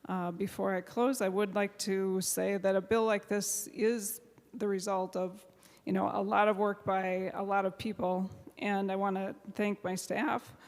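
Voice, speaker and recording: A woman's voice: medium pitch, little pitch movement, a little mellow. A woman senator giving a floor speech on a bill, hesitant with many fillers and restarts. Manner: halting, many fillers and restarts, moved to tears near the end. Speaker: state senator presenting a bill. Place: large legislative chamber. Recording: reverberant chamber floor mic.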